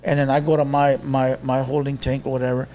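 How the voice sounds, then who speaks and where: Talking quickly at a medium pitch, this young podcast storyteller keeps things lively and casual. He weaves Spanish slang throughout and dramatizes the lines he quotes.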